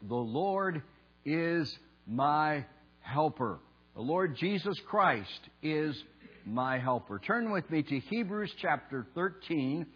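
A pastor preaching a sermon in a church, speaking slowly and emphatically and leading the congregation in call and response. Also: male voice, fairly high pitch, slightly rough. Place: church sanctuary. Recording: dull lo-fi sound with mains hum.

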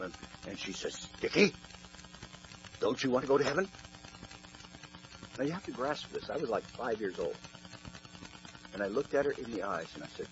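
Male pastor, sermon, earnest storytelling, dull lo-fi recording, faint hum. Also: on the low side.

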